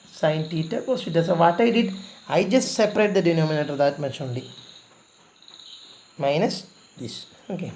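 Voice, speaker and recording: A man's voice: high-pitched, darkish tone, a little hiss or hum. A man teaching a recorded math lesson, explaining patiently step by step, repeating himself and pleading with students to practise.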